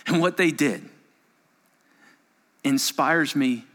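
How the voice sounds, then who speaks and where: A pastor delivers a storytelling sermon, his voice moving from near-whispers to raised, urgent peaks. His tone is bright and slightly high for a man. A long reverb trails every phrase, as if the recording was made in a large sanctuary. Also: slow. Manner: storytelling with big swings between hushed and raised passages.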